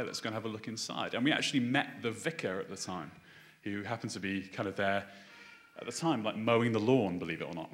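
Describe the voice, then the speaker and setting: A man's voice: fairly low pitch, a bit bright. A man from Liverpool preaching a sermon and reading aloud from the Bible, chatty and a little hesitant, with touches of light humour. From Liverpool, England.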